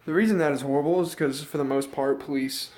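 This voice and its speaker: A man's voice: on the high side, quick pace, a little mellow. A young man from the United States ranting casually in a vlog. He rambles, swears a lot, loses his thread and sounds out of breath and a bit sick. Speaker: vlogger. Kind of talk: casual opinion rant.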